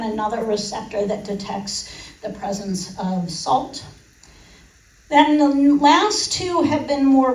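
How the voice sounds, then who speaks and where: Addressing a live audience in a lecture hall, a woman delivers a casual food science talk as a guest speaker, often using fillers and starting over. Her voice is fairly high and darkish, and the distant mic makes it sound roomy.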